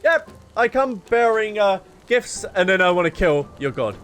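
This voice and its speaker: Jokey gamer with a fairly high voice. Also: male voice, normal speed. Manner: jokey, excitable, laughing asides. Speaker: streamer. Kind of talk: game reaction commentary. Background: faint game music.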